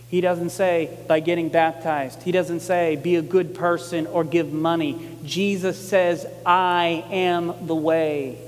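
A male pastor preaching a sermon in a conversational, emphatic way, repeating key lines and getting animated when he quotes people. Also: fairly high pitch, big-room sound, slight background noise.

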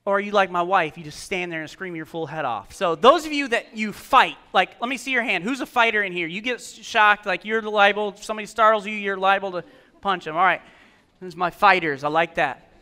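Bright, clear-voiced pastor preaching. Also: male voice, high voice, expressive, a little fast. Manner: storytelling, asks the congregation questions. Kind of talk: sermon. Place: church.

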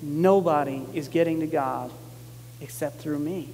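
A male pastor preaching a sermon in a conversational, emphatic way, repeating key lines and getting animated when he quotes people. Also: a little high, unhurried, big-room sound.

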